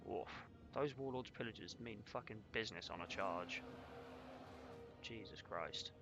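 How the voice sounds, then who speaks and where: A man's voice: lowish voice, unhurried, over music. A man commentating his own strategy game as he plays it, in a loose, conversational way. He swears freely and jokes with his viewers while he calls out orders to his troops. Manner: casual, swears, jokes with chat. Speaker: streamer. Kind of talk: live gameplay commentary.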